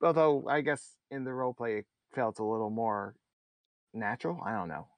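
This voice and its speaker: A man's voice: mid-range voice, moderate pace, dry recording, highs cut off. A man chatting casually as a podcast guest, laughing often and rambling with restarts. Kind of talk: casual chat.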